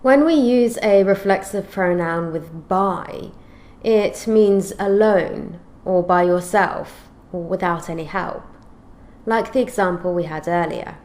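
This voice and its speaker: A woman with a fairly low pitch and darkish tone teaches an English grammar lesson. She explains clearly and reads out example sentences in a measured way.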